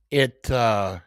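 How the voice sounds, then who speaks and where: A man hosts his podcast in a slow, halting voice, stopping often on fillers and restarting his sentences. His pitch rises and falls widely as he talks. The sound is close and dry, with no room around it. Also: a bit bright, no echo. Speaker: podcast host. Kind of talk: casual emotional monologue.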